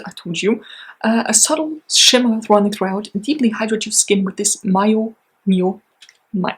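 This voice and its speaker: A woman chatting casually and excitedly through a beauty box unboxing, with lots of fillers and gushing reactions. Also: mid-range voice, slightly rough, low-quality recording. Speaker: beauty vlogger.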